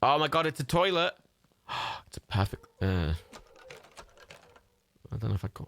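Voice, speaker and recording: Sweary, excitable man streaming. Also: mid-range voice, brisk, creaky, pauses often, no room sound. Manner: sweary, excitable, rambling with restarts. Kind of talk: live gameplay commentary.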